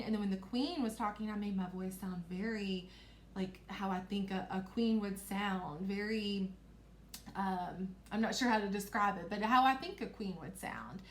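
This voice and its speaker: A woman teacher leading a recorded reading lesson for young children, with an encouraging, sing-song manner. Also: medium pitch. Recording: echoey room with faint noise.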